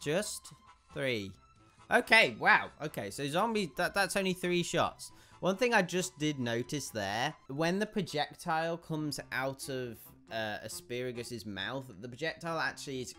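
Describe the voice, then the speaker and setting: Gamer guy, croaky and bunged up, bright and animated, rambling commentary over faint game music. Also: mid-range voice. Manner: rambling, thinking aloud with frequent restarts. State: congested and croaky. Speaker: gaming YouTuber. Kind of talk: gameplay commentary.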